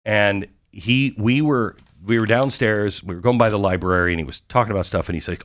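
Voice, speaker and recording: A man's voice: lowish voice, brisk, few pauses. Emphatic man hosting a studio monologue. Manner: emphatic, excitable storyteller with rhetorical questions. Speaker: talk show host. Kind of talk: monologue recounting a visit.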